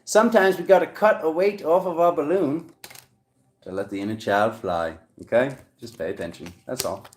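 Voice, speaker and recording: A man giving a casual, animated tarot reading for each zodiac sign as the channel's host. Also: normal speed. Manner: animated, excitable, jumps high in pitch. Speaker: tarot reader.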